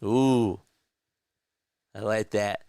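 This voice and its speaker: A man's voice: on the low side, steady tone, drawn-out words, vocal fry, dark tone, clean tone, dry recording. A man calling a game live as a play-by-play streamer, casually chatting with viewers between plays.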